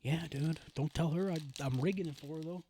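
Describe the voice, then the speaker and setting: A young man co-hosting a casual podcast, telling excitable stories with lots of swearing and mimicking the voices of others. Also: on the high side, a little fast, a little hiss or hum. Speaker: podcast co-host. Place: podcast studio.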